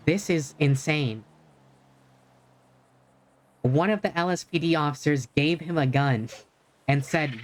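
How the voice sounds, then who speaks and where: A speaker chatting in character as a lawyer in an improvised roleplay, with dry, deadpan teasing. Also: medium pitch, slow pace, pauses often.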